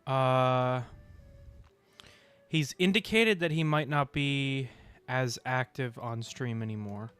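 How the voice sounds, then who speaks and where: A young man chatting casually on a game stream, rambling with fillers, clearing his throat and hiccuping now and then. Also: mid-range voice, slow pace, long pauses, a bit bright, no room sound. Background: faint music.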